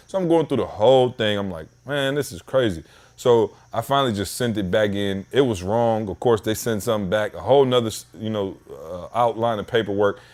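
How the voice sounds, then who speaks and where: A man with a fairly low voice hosts a podcast, recording from a basement at home. He tells stories in loose, slangy, animated talk, and his pitch jumps up whenever he gets excited or exasperated. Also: brisk, hardly any pauses. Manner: animated, slangy, rises in pitch when worked up. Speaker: podcast host. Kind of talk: casual podcast storytelling.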